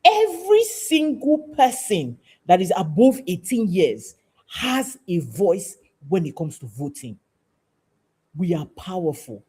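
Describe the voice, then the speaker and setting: A woman's voice: lowish voice, big pitch swings, takes it slowly, warm tone, breathy edge. A woman, hosting a show and giving an emphatic, preachy talk that repeats phrases for stress. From Nigeria. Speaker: podcast host. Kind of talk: passionate civic talk to camera.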